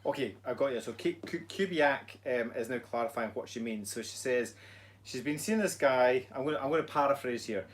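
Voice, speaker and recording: A Scottish man co-hosting a casual live stream, reading viewer comments aloud with a relaxed, hesitant, blunt manner. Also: mid-range voice, fairly quick. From Scotland. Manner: relaxed, hesitant, many ums, blunt swearing advice.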